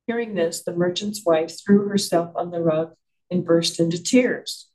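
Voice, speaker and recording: A man reads a short folk story aloud to open a committee meeting. His delivery is measured and reflective, shifting into thoughtful personal remarks. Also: high-pitched, a little mellow, low-quality recording. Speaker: committee member giving the opening inspiration.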